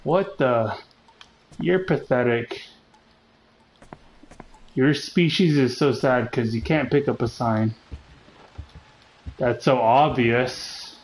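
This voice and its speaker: Slow-talking man joking through a horror game. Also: medium pitch, slight background noise, rough recording. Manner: joking, teasing the game, jumpy outbursts. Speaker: gaming channel host. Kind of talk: live horror game commentary.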